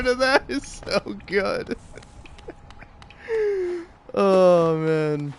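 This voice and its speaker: Game commentator, male, slightly high-pitched, loose and rambling delivery. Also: extremely slow, long pauses. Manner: rambling, filler-heavy storytelling, laughs often. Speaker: gaming video creator. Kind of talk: casual gameplay commentary.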